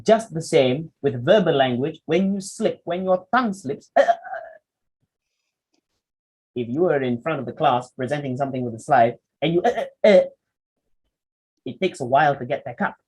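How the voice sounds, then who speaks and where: A man's voice: on the high side, a little fast, few pauses, a little mellow, breathy edge, low-quality recording. A young man with a Malaysian accent teaching a public speaking workshop in a chatty, demonstrative way with frequent asides. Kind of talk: lecturing a workshop.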